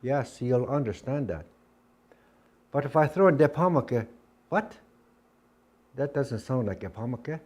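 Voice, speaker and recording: A man's voice: mid-range voice, lively intonation, measured pace, pauses often, a little mellow. A man teaching a Dakota language class, patiently repeating words over and over and drilling contrasting word pairs aloud. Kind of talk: spoken language lesson.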